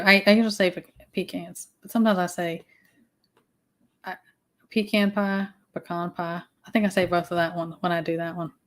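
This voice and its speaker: A woman with a Southern US accent, hosting a casual livestream chat, rambling with fillers and restarts. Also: lowish voice. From Southern United States. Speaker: livestream host.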